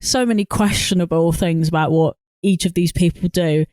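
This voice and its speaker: A woman's voice: on the low side, moderate pace, no echo, clean studio sound. Laughing woman on a movie podcast. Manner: animated, laughs often, exasperated asides. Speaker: podcast co-host. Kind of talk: casual movie review chat.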